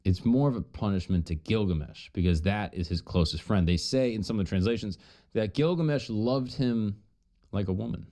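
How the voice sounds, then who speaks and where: A man's voice: lowish voice, moderate pace, dark tone. A man streaming while he retells an old myth in a casual, profane, joking way, full of asides.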